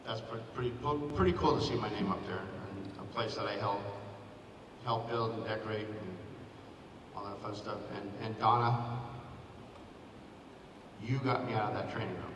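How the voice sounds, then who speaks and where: A man in his fifties gives a sentimental acceptance speech, thanking people by name at a school ceremony. His voice sits a little low and reaches the mic from a distance. The gym adds a long, roomy echo and a steady background noise. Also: normal speed. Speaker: hall of fame honoree, former athletic director. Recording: echoey gym, picked up from far off, noisy.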